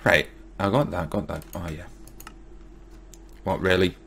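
Male gamer, casual commentary, deep fry-heavy voice, talks to himself while playing. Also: fairly even intonation, unhurried, a bit bright, a little hiss or hum. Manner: muttering to himself, mildly exasperated. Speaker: gaming YouTuber. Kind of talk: casual Let's Play commentary.

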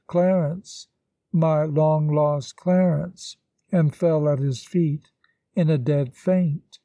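A man narrating a classic novel as an audiobook, with a steady, even reading and a close mic. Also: on the high side, no echo. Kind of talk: scripted narration.

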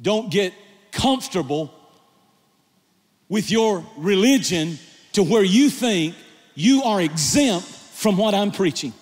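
A man preaching a sermon as a pastor on stage, moving between quiet storytelling and loud shouted exhortation. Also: lively intonation, slow, pauses often. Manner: preaching with rising intensity, shouting at climaxes; drops to a low, quiet storytelling voice. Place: large church hall. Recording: live sermon with long hall reverb.

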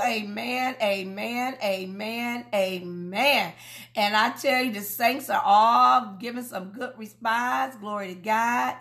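A woman's voice: fairly high pitch, fairly bright tone. A woman pastor preaching on a livestream, calling out praise, laughing often and reading viewers' comments aloud. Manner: exclaims, laughs often, drawn-out calls of praise.

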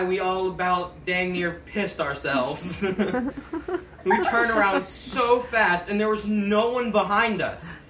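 A teenage boy telling a comic story on a school stage, animated and laughing as he goes. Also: high voice, a little hiss or hum. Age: teens. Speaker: talent show performer. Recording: roomy hall, mic at a distance.

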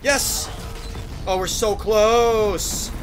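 Excitable swearing gamer, faint music behind. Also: mid-range voice, drawn-out words. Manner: excitable, swears a lot, loud outbursts. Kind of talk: gameplay commentary.

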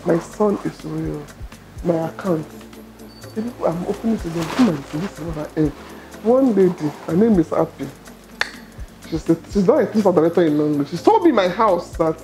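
A middle-aged Nigerian woman telling her story as an interview guest, expressive and quick to laugh. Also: on the low side, faint music behind. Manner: expressive, laughs often, acts out quoted dialogue. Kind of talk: animated personal storytelling.

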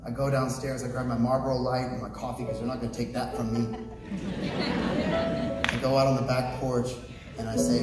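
A man tells a story from a theater stage, earnest, moving between hushed moments and loud, excited bursts. His voice is heard from far off, echoing heavily through the hall, with music playing underneath. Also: mid-range voice, brisk, pauses often.

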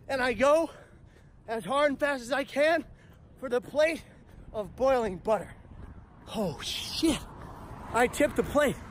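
A man speaker telling a comedic personal story in a punchy, animated way with profane asides. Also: extremely high pitch, slight background noise. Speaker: motivational speaker.

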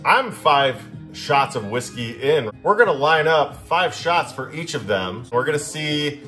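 A man's voice: on the high side, expressive, measured pace, pushed and bright, faint music behind. A young man hosting a casual vlog, talking to the camera in a chatty, upbeat, joking way. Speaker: vlogger testing drinks on a breathalyzer.

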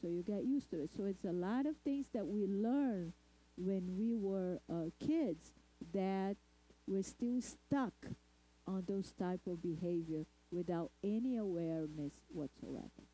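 Slow-speaking woman with a very dark voice. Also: mid-range voice, slightly rough, poor audio. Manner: deliberate, asks the audience "okay?" often. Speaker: speaker at a spiritist center. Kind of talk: lecture talk to an audience.

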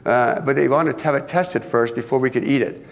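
A middle-aged man speaking to an audience in a large hall, his voice carrying a gravelly edge. He tells stories in a relaxed, conversational way with touches of humor. A long reverb trails after his words. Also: mid-range voice, brisk. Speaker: astronaut guest speaker. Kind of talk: public presentation.

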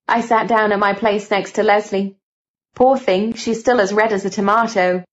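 A woman reads a first-person novel aloud in a steady, even storytelling voice of middle pitch. The audio is slightly muffled. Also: normal speed. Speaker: audiobook narrator.

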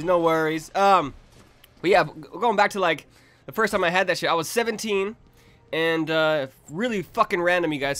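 A man's voice: high voice, fairly bright tone. A young man in his twenties telling a rambling, profane story for his vlog, full of restarts and laughs. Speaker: vlogger.

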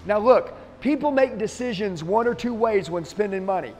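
A man's voice: high-pitched, animated, moderate pace, darkish tone, long reverb tail. A middle-aged man, a sales trainer, giving an intense, emphatic motivational talk to the camera.

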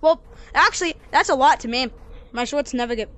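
High-pitched excitable young gamer girl. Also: brisk, a little hiss or hum. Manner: excitable, yells at failures, rambling. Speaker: gaming channel creator. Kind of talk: casual gameplay commentary.

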